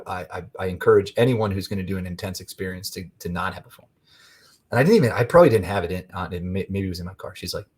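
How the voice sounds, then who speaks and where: A man, a podcast guest, telling a rambling, animated story in casual conversation. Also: low-pitched, breathy edge.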